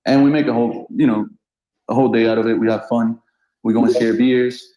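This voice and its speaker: A man's voice: mid-range voice, brisk, lo-fi sound. Laughing storyteller man in a roomy space. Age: 30s. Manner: animated anecdotes, laughs often. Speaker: guest street artist. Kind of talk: casual storytelling. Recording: roomy echo.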